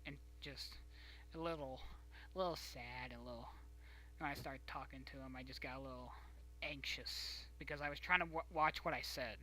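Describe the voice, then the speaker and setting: A young man hosting a casual stream, telling a rambling story with many restarts and halting pauses. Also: mid-range voice, steady tone, bright, forceful tone, slight background noise, rough recording. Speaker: stream host. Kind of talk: casual chat.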